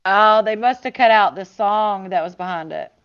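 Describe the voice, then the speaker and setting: A woman's voice: medium pitch, moderate pace, a little hiss or hum. A woman hosts a casual stream and reacts bluntly to video clips. Her voice sits mid-range and comes through slightly dull and lo-fi. She swears freely and talks in plain disbelief. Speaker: host.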